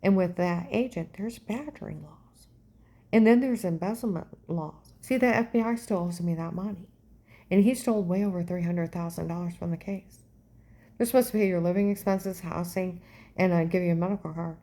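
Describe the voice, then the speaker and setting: A middle-aged woman with a lowish voice talks straight to camera in an intense, rambling monologue. She piles one claim on the next and keeps checking in with the listener by asking "okay?". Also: normal speed, dark tone. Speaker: vlogger.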